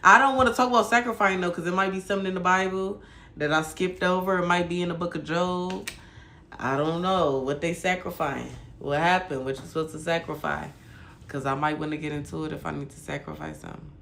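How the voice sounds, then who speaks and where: A woman's voice: deep voice, gravelly, fairly bright tone, a little hiss or hum. A woman from Michigan hosting a casual livestream chat, ranting bluntly and cursing freely at her viewers. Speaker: livestream host.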